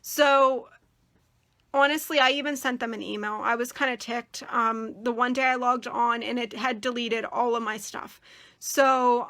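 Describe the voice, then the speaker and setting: Young female craft host, bright tone, rambling filler-heavy delivery, voice going hoarse. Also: on the high side, steady tone, unhurried. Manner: chatty, rambling, many fillers. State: losing her voice. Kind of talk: casual tutorial demonstration.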